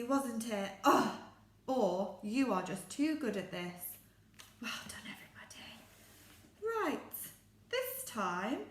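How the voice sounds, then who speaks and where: Lively English teacher for small children. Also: female voice, high voice, reverberant, a little hiss or hum. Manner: animated, gasping, drawn-out sounds for children. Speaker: primary school phonics teacher. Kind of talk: exaggerated children's lesson.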